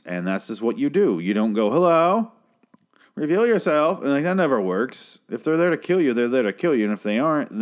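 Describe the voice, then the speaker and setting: Rambling, profane man with a lowish voice. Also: darkish tone. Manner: rambling, profane, restarts a lot; mimics characters in a raised voice. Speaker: TV episode recapper. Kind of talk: casual episode recap.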